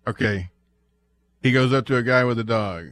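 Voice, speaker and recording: A man's voice: mid-range voice, moderate pace, a bit bright. A man co-hosting a radio show, chatting casually and cracking dry jokes. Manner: dry, joking sidekick. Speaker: radio co-host. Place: radio studio.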